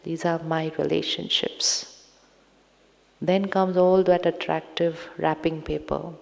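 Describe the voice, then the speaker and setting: A woman giving a spiritual talk to an audience, speaking slowly, repeating phrases and asking listeners questions. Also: deep voice, vocal fry, a little mellow. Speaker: spiritual teacher. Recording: long hall reverb.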